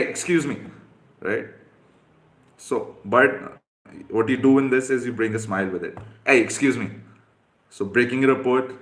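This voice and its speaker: A man's voice: on the low side, fairly bright tone. A man coaching on dating, answering viewer questions one by one in a direct, instructive way with frequent fillers.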